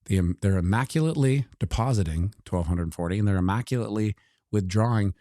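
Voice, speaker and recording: A man's voice: on the low side, expressive, fast talker, warm tone, dry recording, studio quality. A man giving casual, joking commentary on crypto charts while looking things up on his computer. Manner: joking asides, talks while scrolling.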